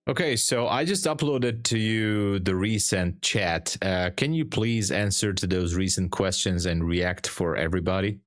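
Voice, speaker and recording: A man's voice: low-pitched, a little slow, few pauses. A man streaming his live day trading, chatting casually and hesitantly, often restarting his sentences and teasing dryly.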